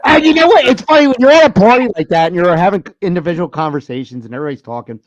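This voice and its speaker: Brief: male podcast host, high animated voice, dry close mic, profane storyteller. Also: rapid-fire, no room sound, muffled recording. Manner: animated storyteller, swears a lot, laughs often. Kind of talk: casual banter.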